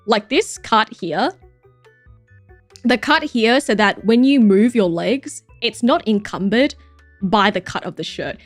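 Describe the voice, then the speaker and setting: A woman's voice: mid-range voice, expressive, slow pace, no room sound, soft background music. A woman in her thirties streaming, who reacts to viewer photos with gushing praise, swearing and mock-jealous outbursts. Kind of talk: casual livestream chat.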